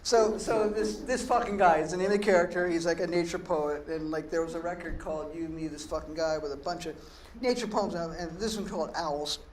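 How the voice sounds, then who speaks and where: A man's voice: fairly high pitch, fairly even intonation, brisk. A middle-aged man, a poet performing live in a gallery, who chats in a rambling, profane, self-deprecating way between readings. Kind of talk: live spoken-word performance with banter. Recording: echoey room, distant mic, faint noise.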